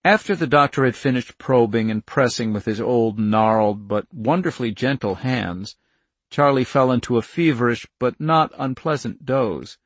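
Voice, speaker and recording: A man narrating an audiobook in a measured, even storytelling manner. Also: medium pitch, dry recording. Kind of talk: scripted narration.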